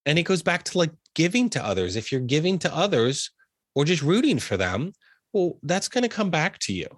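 A man's voice: fairly high pitch, big pitch swings, a little fast, husky, no room sound, clean studio sound. A young man from the USA, a realtor guest talking earnestly in an interview and getting emotional about family. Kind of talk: heartfelt interview conversation.

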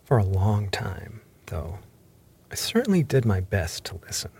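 A man narrating a classic adventure novel in measured, scripted storytelling, sometimes dropping into half-whispered phrases. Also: on the low side, big pitch swings, vocal fry, a little mellow, husky. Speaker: audiobook narrator.

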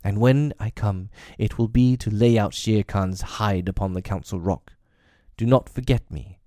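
A man's voice: fairly low pitch, a little slow, dark tone, dry recording, studio quality, close to an everyday voice. A man voicing a defiant young man-cub raised by wolves, with commanding, old-fashioned speech, in an audiobook reading. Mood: earnest.

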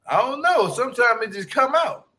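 A man's voice: very high voice, very animated, normal speed, pushed and bright. A man from Louisiana with a Shreveport accent, chatting casually, laughing often and swearing freely. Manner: laughs often, loose and profane. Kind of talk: casual chat.

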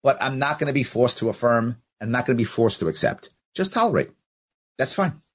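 A man's voice: medium pitch, big pitch swings, fairly quick. A man hosting a podcast, arguing his view with rhetorical questions and acting out both sides of an exchange as he reads out listener comments. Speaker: podcast host.

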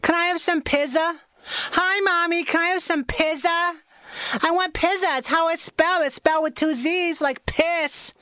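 A man's voice: extremely high pitch, fairly even intonation, normal speed, bright, forceful tone, dry recording, voice pushed up. A man putting on the voice of a little boy who lisps and whines in a childish way. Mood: whiny. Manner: childish lisping whine, swears. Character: little boy on video, lisping, whiny.

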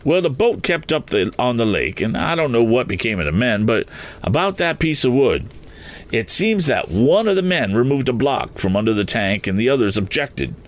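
Guy reading aloud as a fussy excitable old-fashioned gent, rambly, voice jumps around a lot. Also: mid-range voice, normal speed, lightly acted. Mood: rambling. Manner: flustered, rambling, keeps exclaiming oaths. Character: fussy excitable eccentric gentleman motorist.

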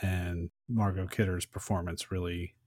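A man's voice: low voice, little pitch movement, unhurried, darkish tone, no room sound, clean studio sound. A man co-hosting a film podcast, chatting agreeably about a favorite scene. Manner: agreeable, conversational. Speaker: podcast co-host. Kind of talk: casual film discussion.

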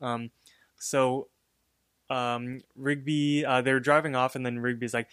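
A man co-hosting a podcast talks through a cartoon episode in a loose, filler-heavy way. His voice sits in a middle pitch and the recording is dry and close. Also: a little slow, smooth, dry recording. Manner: relaxed, filler-heavy storytelling. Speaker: podcast co-host. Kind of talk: casual episode recap.

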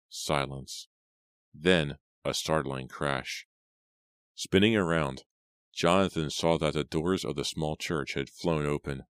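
A male audiobook narrator with an extremely deep, low voice and a steady, measured delivery. The sound is dry and close. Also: smooth, no echo.

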